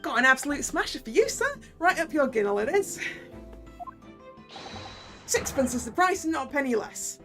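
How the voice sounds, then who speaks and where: A woman's voice: high-pitched, very animated, normal speed, pauses often, fairly bright tone, faint music behind, pitched above the performer's own voice. A woman voicing a chatty male street seller with a Cockney accent and brash sales patter. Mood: cheeky sales patter.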